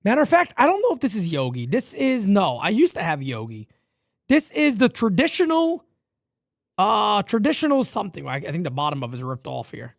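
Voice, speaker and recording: With a high, creaky voice moving fairly quickly, a male host livestreams fan play-by-play of a baseball game. His commentary is animated and profane in a relaxed way, straying into tangents. The audio is dry and studio quality.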